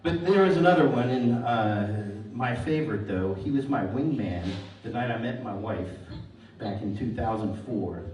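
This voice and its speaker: A middle-aged man's medium-pitched, darkish voice is expressive at a normal speed as he does a stand-up set before a live crowd in a large hall. He tells dry stories that end on puns, and the echoey, distant-mic recording picks up the audience laughing.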